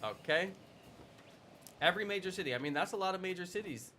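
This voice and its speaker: A man's voice: high-pitched, expressive, fast talker, pushed and bright, a little hiss or hum. A young man live streaming, chatting casually with his audience in a playful, teasing way. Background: background music.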